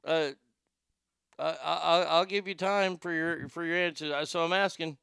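Comic host, high bright voice, crisp and dry, swings from shouting to muttering. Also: male voice, moderate pace, dry recording. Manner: animated, swings between loud outbursts and muttered asides. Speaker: show host. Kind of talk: comedic podcast rant.

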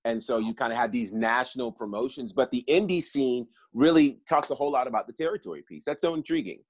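A man's voice: medium pitch, lively intonation, fast talker, no echo. A man co-hosting a casual interview, who reacts with frequent exclamations. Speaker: podcast co-host.

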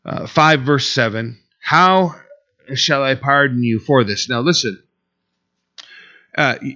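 A man's voice: fairly low pitch, fairly bright tone. Guy preaching a sermon, chatty with lots of "you know", muffled recording. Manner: conversational preaching, frequent "you know" fillers. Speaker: pastor.

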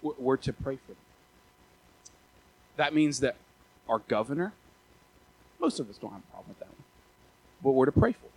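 A young man in his twenties preaching a casual, animated sermon as a pastor, often stammering and restarting his words. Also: mid-range voice, normal speed, long pauses, slightly rough, rough recording. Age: 20s.

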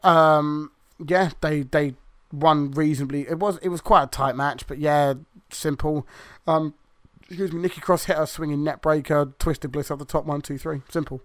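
A man's voice: on the high side, steady tone, moderate pace, no echo, studio quality. A man co-hosting a podcast, chatting casually through a wrestling review, rambling and swearing freely as he acts out the wrestlers' lines. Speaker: podcast co-host.

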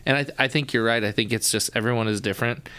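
A man's voice: mid-range voice, very fast, smooth, no room sound. A young adult man, a guest on a podcast, talking casually with lots of fillers. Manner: relaxed, filler-heavy, laughs often. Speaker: guest, church elder and musician. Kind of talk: casual interview.

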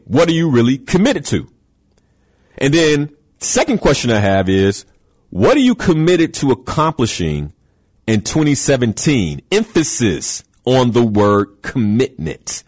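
A man's voice: mid-range voice, darkish tone, husky. A man hosting a show, giving an emphatic motivational talk with rhetorical questions and repeated key words.

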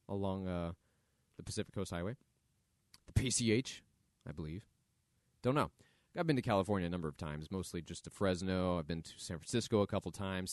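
This solo podcast monologue comes from its host, a man with a lowish voice who speaks casually and thinks out loud, fillers and all. There's no room sound, and the audio is studio quality.

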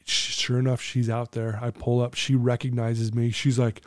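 A man's voice: medium pitch, completely flat delivery, normal speed, no room sound, clean studio sound. A man in his fifties, a recovery coach, telling a personal story as a podcast guest in an earnest, emotional way, laughing easily.

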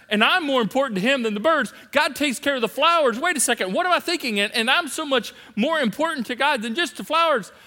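High bright-voiced preacher in a big hall. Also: male voice. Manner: swings from loud emphatic repetition to hushed asides. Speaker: pastor. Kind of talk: sermon. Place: large church hall. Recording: long reverb of a big hall.

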